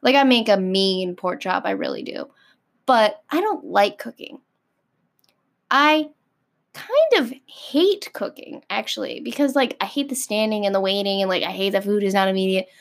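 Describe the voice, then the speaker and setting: A woman's voice: mid-range voice, normal speed, vocal fry. An American woman ranting casually to camera, packing her talk with "like" and blunt, sassy swearing. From United States. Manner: filler-heavy, frequent "like". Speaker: vlogger.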